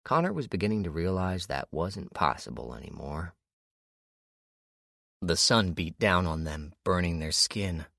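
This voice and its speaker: A man narrating an audiobook in a steady storytelling manner. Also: sits low, unhurried, creaky, no echo, studio quality. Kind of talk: scripted narration.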